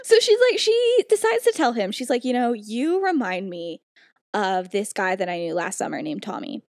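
A woman's voice: medium pitch, wildly swooping pitch, fairly quick, dry recording, clean studio sound. Giggly young woman retelling a story. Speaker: podcast co-host. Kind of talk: casual chat.

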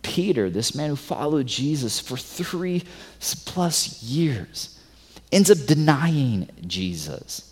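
A male pastor preaching a sermon, swinging from loud emphatic stretches to soft hushed ones. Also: a little high, sing-song, slow pace, breathy edge. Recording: long hall reverb.

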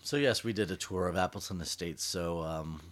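A man's voice: low voice, moderate pace. A man co-hosting a podcast, joking and playfully cutting in. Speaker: podcast co-host. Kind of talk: casual chat.

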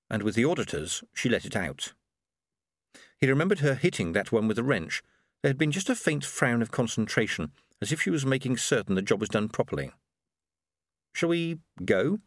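A man narrating an audiobook with lively, expressive storytelling. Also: medium pitch, dry recording, studio quality. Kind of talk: scripted narration.

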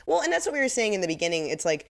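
A woman's voice: medium pitch, very animated, rapid-fire, creaky. A woman co-hosting a podcast, chatting casually about a TV episode with dry, sarcastic humor and frequent laughter. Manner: dry, sarcastic, laughs at her own jokes. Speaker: podcast co-host. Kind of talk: casual chat recapping a TV episode.

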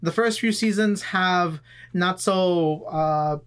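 A man's voice: high voice, slow pace, clean tone. A young man co-hosting a podcast in person with friends, chatting casually and swearing freely as he rambles through explanations. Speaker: podcast co-host. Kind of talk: casual chat. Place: in-person studio session with friends.

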